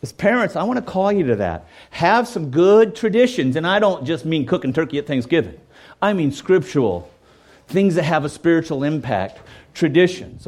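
A man preaching a sermon in a conversational way, often checking in with "okay?" and acting out quoted voices. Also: fairly high pitch. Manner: acts out quoted voices and jokes. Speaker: pastor.

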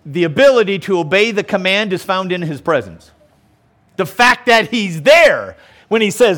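A pastor preaching a sermon outdoors by a lakeshore, emphatic and often checking in with the listeners. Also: male voice, high voice, big pitch swings, normal speed, fairly bright tone. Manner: emphatic, keeps checking in with "okay?".

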